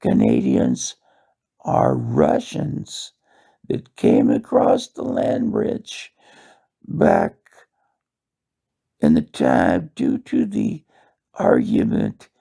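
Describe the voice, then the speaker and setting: Very deep gravelly rambling man. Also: warm tone. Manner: meandering, profane, full of fillers. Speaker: monologue host. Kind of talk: rambling comic monologue.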